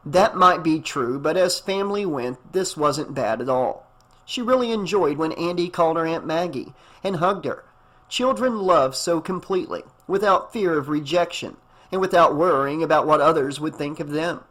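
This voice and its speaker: A man narrating a horror audiobook in a steady, even voice. His voice sits a little higher than usual for a man. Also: measured pace. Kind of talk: scripted narration.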